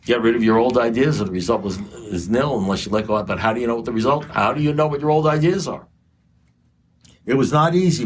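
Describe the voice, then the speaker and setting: A man's voice: mid-range voice, slight background noise. A man speaking at a recovery meeting, blunt and profane, talking straight to the audience with frequent restarts. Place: meeting room.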